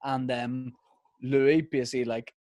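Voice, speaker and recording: A man, co-hosting a podcast and telling an animated comic story. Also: mid-range voice, unhurried, dry recording, studio quality. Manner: animated, slips into mimicking voices mid-story. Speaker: podcast co-host. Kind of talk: casual comedic storytelling.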